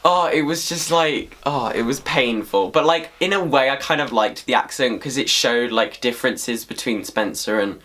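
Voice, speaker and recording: A man ranting casually to camera as a vlogger, swearing freely in an animated, exasperated way. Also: on the high side, moderate pace.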